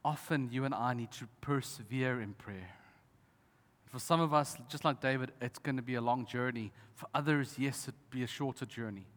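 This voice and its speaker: A man in his thirties, a pastor, preaching a sermon with passion, slowing down for emphasis and swinging from loud to soft. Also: medium pitch. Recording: reverberant church hall.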